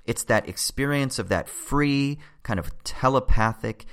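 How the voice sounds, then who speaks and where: A man's voice: mid-range voice, unhurried. A man explaining philosophy in a casual podcast chat, swearing freely and checking in with "right?".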